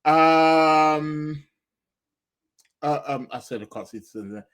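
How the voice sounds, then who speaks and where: A man's voice: on the high side, extremely slow, a bit bright, clean tone. A man hosting a live astrology podcast, chatting casually with many fillers and restarts while eating. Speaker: podcast host. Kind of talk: casual live-stream chat.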